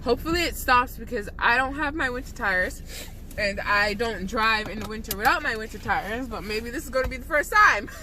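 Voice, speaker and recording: Outdoors in snow and later inside her car, a Canadian woman keeps up a casual vlog amid noisy ambience. Her voice runs on the high side, brisk, with a bright, forceful tone, and she's chatty and self-deprecating, laughing a lot.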